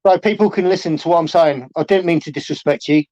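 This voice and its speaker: A man's voice: fairly high pitch, fast talker, darkish tone, no echo. A man on a livestream panel, hesitant and apologetic, with plenty of fillers. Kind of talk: casual livestream panel chat. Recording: dull lo-fi stream audio.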